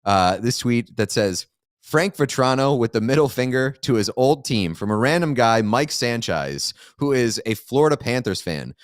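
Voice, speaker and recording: A man's voice: medium pitch, expressive, normal speed, no echo. A man co-hosting a sports podcast in casual chat, giving dry, wry commentary. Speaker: podcast co-host.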